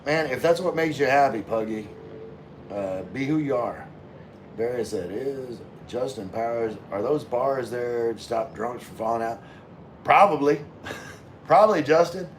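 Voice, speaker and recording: A man reading viewer comments on a casual live stream, rambling and relaxed while drinking with his chat. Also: medium pitch, unhurried, a little hiss or hum. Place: room with floor-to-ceiling window.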